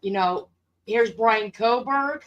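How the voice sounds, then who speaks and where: Woman, slow unhurried speech, casual chat, points things out. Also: on the high side, highs cut off. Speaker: chat participant sharing her screen.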